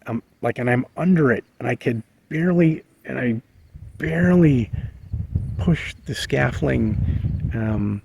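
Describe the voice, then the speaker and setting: A man casually telling a personal story, halting with many fillers and restarts. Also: medium pitch, vocal fry, a little mellow, husky. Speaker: vlogger sharing a memory. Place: living in a bus.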